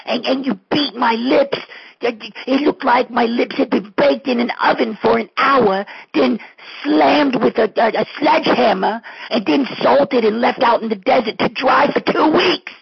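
A man's voice: very high-pitched, measured pace, highs cut off, voice pushed up, heavily acted. A man voicing a timid, whiny, put-upon guy who stammers nervously and complains at length. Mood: whining. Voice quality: raspy, gravelly.

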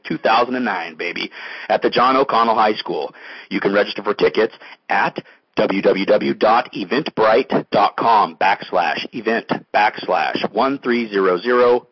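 A man hosting a comedy podcast, reading promos in a deadpan, brisk way. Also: fairly low pitch, husky, dry recording, muffled recording. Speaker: podcast host.

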